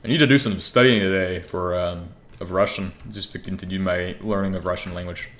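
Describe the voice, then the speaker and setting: Low-voiced young man rambling over gameplay. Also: steady tone, a little fast, a bit bright. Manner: rambling, swears freely, talks to himself. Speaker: gaming streamer. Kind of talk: casual gameplay commentary.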